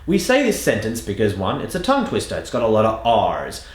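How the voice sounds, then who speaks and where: An Australian man teaches pronunciation drills in a patient, emphatic way, his pitch rising and falling freely. He slows down to stress key words. The sound carries a clear room echo. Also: wildly swooping pitch. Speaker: accent coach. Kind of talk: instructional lesson with spoken demonstrations.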